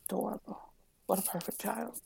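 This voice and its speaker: Woman on a podcast as the guest, joking around about herself, mid-pitched. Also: steady tone, fairly quick, gravelly, a little mellow, slightly rough. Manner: playful, self-deprecating, laughs often. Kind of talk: casual interview chat.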